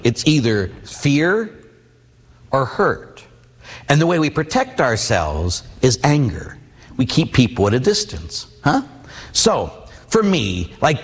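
A middle-aged man, a Catholic priest, preaching a sermon, telling personal stories and asking the audience questions. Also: mid-range voice. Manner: storytelling, rhetorical questions to the audience. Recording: long hall reverb.

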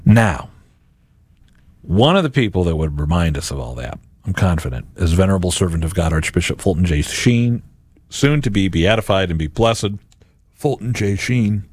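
A man's voice: low voice, lively intonation, moderate pace, a little mellow, dry recording. A middle-aged man, a radio and podcast host, giving a Catholic reflection on Scripture and acting out imagined voices in quotes.

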